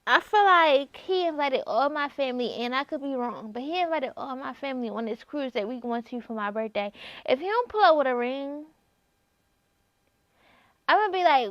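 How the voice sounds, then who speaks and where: Tipsy woman host, high voice, brash and profane, sings bits, dry slightly dull recording. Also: lively intonation, moderate pace, dry recording. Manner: loud, playful, swears freely, breaks into singing. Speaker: podcast host. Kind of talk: casual solo podcast chat.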